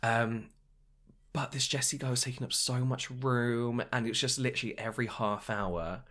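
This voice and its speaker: A man's voice: medium pitch, fairly even intonation, moderate pace, sharp tone. A man telling rambling workplace anecdotes in casual chat. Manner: rambling anecdotal storytelling, many fillers.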